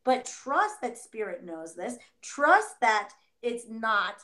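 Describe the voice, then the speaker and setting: A woman's voice: on the high side, sing-song, takes it slowly, sharp tone. A woman co-hosting a weekly tarot reading, talking casually and animatedly, acting out little inner voices and laughing often. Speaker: tarot reader co-host. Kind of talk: casual spiritual reading chat.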